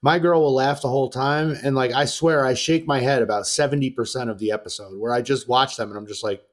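A man's voice: medium pitch, fast. A male podcast host in casual chat. He rambles and swears often, piling up fillers as he tells a story with plenty of energy. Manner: rambling, profane, animated storytelling.

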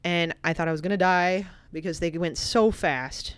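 A woman with a notably deep voice recounts a personal story as a podcast guest. She talks casually, sometimes lively and sometimes hushed and reflective. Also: normal speed, smooth, no room sound. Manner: animated, vivid storytelling that turns quiet and reflective.

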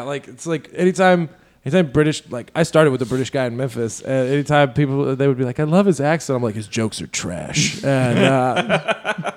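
A man's voice: mid-range voice, darkish tone. A man hosting a casual podcast chat as a stand-up comic, swearing freely and laughing at his own stories.

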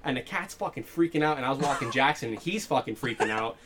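A man's voice: medium pitch, fast talker, background noise. A young man telling stories in casual, profanity-heavy chat among friends. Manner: profane, animated storytelling.

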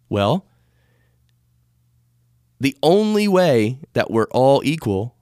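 A podcast host from the US speaks casually on spirituality, wandering and correcting himself into a studio microphone. He has a mid-range voice with a darkish tone, and the sound is clean with no echo.

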